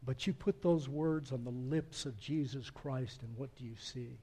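A man's voice: medium pitch, moderate pace, mellow, slightly rough. A man preaching a sermon as pastor, earnest and building to emphatic swells.

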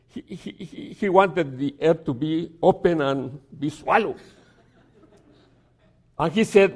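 A man preaching a sermon, telling a story and reading scripture aloud, with halting repeats and dramatic pauses. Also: on the high side, expressive, darkish tone, breathy edge. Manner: reads scripture aloud slowly.

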